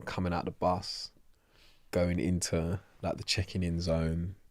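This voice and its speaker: A young man with a London accent telling a prison story in an interview, animated and swearing freely, acting out other people's voices. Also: deep voice, a little slow, dry recording, studio quality. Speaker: interview guest. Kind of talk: casual storytelling.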